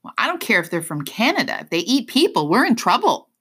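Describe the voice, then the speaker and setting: A woman's voice: mid-range voice, very animated, quick pace, fairly bright tone, breathy edge, pitched above the performer's own voice. A woman voicing a no-nonsense female police officer in an audiobook, clipped and businesslike. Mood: brisk.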